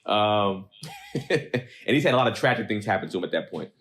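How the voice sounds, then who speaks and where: A man's voice: lowish voice, lively intonation, moderate pace, a bit bright. A young man hosting a casual podcast chat, telling rambling, self-deprecating stories. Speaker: podcast host.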